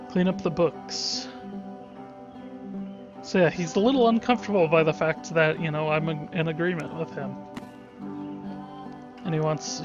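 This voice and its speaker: A man's voice: a little high, lo-fi sound. A man giving casual let's-play commentary, rambling and thinking aloud with many restarts.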